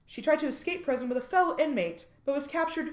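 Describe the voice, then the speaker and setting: A woman's voice: high-pitched, lively intonation, fast, reverberant. A woman co-hosting a true crime podcast, reading out case details in a casual, joking way and sometimes swearing. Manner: reads case details, then jokes and swears. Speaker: podcast co-host.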